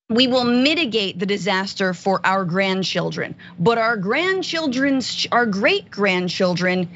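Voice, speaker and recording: Female commentary co-host, sardonic and animated; slightly muffled audio, faint background noise. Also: mid-range voice, a little slow, few pauses. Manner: animated, sardonic, many fillers. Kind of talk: political news commentary.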